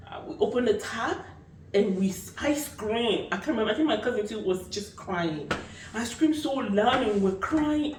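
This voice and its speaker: A young adult woman vlogger tells a story in a casual, animated way, full of fillers. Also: mid-range voice, slight background noise. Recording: echoey room, mic at a distance.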